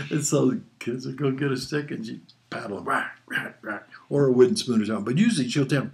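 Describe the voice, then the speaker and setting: A man's voice: mid-range voice, a little fast, vocal fry. An older man, a father, telling rambling family stories from his childhood and chuckling often as he talks. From Hawaii. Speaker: father being interviewed. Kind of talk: casual storytelling.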